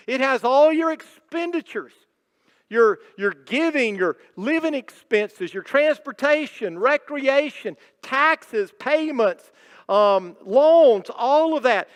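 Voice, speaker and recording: A man's voice: very high voice, a bit bright. A man preaching as a pastor, emphatic and repetitive, building in intensity. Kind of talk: sermon. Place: church sanctuary. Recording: long church hall reverb.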